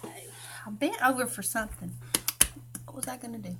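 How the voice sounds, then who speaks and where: A slightly high, bright, forceful female voice moves a little fast but leaves long pauses, with a little hiss or hum behind it. She's hosting a live craft tutorial in a Southern country accent from Tennessee, folksy and chatty, naming viewers as she greets them.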